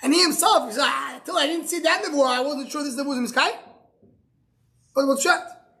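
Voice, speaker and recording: High-pitched guy teaching a daf of gemara, reads the aramaic then explains it, lots of halting repeats. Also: gravelly, bright, forceful tone. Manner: quotes the Aramaic text, then explains it in English; halting, repeats words while searching for phrasing. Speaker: rabbi teaching Talmud. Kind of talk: daily Talmud class.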